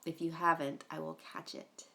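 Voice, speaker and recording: Woman, low-ish voice, livestream host, chatty, casual cursing. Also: little pitch movement, moderate pace, gravelly, bright, forceful tone. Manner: chatty, rambling, many fillers, greets viewers by name; swears casually.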